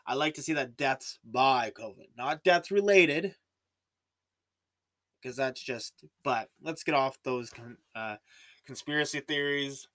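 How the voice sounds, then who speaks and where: A man's voice: mid-range voice, slow pace, fairly bright tone. A young Canadian man with a Canadian accent, hosting a solo podcast in a casual, rambling way with many fillers and restarts. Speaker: podcast host.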